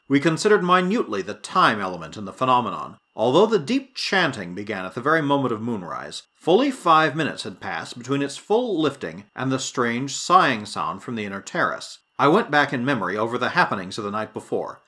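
A man narrating an adventure story in a dramatic, expressive reading style. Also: medium pitch, a little fast, hardly any pauses. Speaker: audiobook narrator. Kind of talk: scripted narration.

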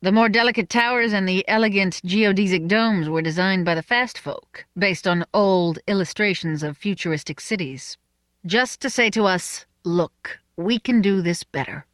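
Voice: medium pitch, moderate pace, a bit bright, dry recording, lightly acted. A narrator reading an audiobook, voicing a man who explains things with dry amusement. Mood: wry. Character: adult man, wry and knowing guide.

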